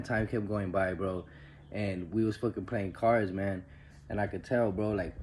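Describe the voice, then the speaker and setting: Low, mellow man telling a story. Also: slight background noise. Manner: slangy and profane, peppers lines with "G" and "bro"; mixes in Spanish words. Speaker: storyteller recounting prison life. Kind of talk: casual storytelling.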